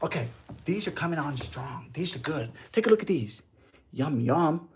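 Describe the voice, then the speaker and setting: A man's voice: on the high side, lively intonation, moderate pace, slight background noise. A man hosting a casual baking livestream from his home kitchen, chatting playfully, reading viewer comments and bursting into goofy laughter. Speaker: baking show host.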